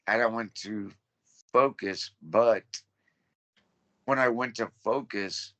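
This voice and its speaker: A man's voice: lowish voice, slow pace, fairly bright tone. A man in his thirties telling his story as a podcast guest, blunt and full of swearing. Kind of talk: casual interview.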